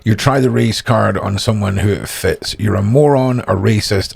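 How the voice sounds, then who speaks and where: A man's voice: fairly low pitch, moderate pace, gravelly, breathy edge. A man from Scotland with a Scottish accent, narrating a feud and reading messages aloud in a sarcastic, mocking, profane way. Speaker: YouTuber.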